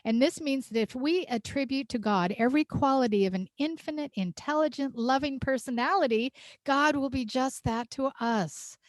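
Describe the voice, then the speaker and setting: A woman minister preaches with heartfelt emphasis and a fairly high voice. She laughs often as she speaks. The sound is dry, with little room echo. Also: moderate pace. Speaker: senior minister. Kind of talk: sermon. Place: church sanctuary.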